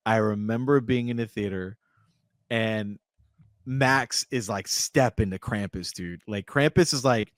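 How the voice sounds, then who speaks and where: Animated male podcast co-host. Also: on the low side, measured pace, no room sound, clean studio sound. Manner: animated storyteller, acts out scenes. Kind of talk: casual movie discussion.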